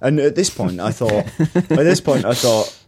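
A man's voice: mid-range voice, sing-song, unhurried, a little mellow, breathy edge, no room sound. A man with a Mancunian accent co-hosting a casual podcast, telling stories in a chatty, rambling way and reading out listener answers. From Manchester, England. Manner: chatty, rambling, laughs often. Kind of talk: casual chat.

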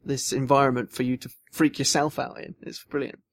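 A man's voice: medium pitch, flat delivery, brisk. Rambling young man telling stories. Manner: rambling storyteller, many restarts and fillers. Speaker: podcast co-host. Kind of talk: casual chat.

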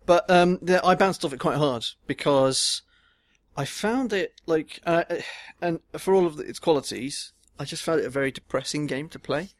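A man's voice: a little high, normal speed, no room sound. Hesitant man, dry close sound. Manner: hesitant, lots of likes and ums. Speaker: podcast co-host. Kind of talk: casual chat.

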